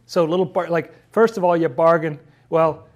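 A man's voice: a little high, fairly even intonation, fairly quick. A man leading a casual Bible study, chatty and laughing often, who acts out the figures' lines in playful voices.

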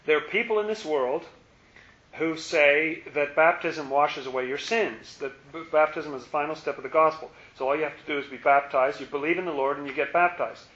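A man's voice: fairly high pitch, brisk, a bit bright. A man leading a Bible study in a conversational way, repeating words and asking his listeners questions. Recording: echoey room, muffled lo-fi sound.

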